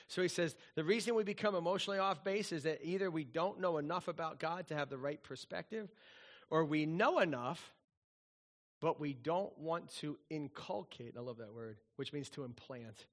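A middle-aged man preaching a sermon as a pastor, conversational and animated, often acting out quoted voices. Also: on the high side, moderate pace.

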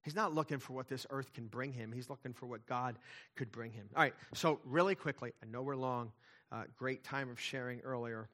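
Bright-voiced man preaching with fervor. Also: medium pitch, brisk. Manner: emphatic preaching with rising and falling intensity. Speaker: pastor. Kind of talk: sermon.

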